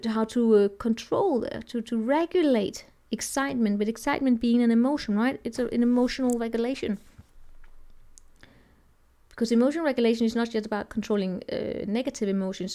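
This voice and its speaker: A woman's voice: on the high side, warm tone. A woman giving a casual tarot reading, thinking aloud and rambling with many restarts. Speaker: tarot reader.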